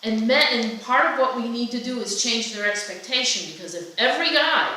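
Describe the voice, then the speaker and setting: A woman's voice: a little high, a little fast. Chatty woman speaking in an echoey room. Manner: chatty, animated, frequent restarts. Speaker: workshop presenter. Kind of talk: conversational seminar talk. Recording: echoey room from a distance with faint noise.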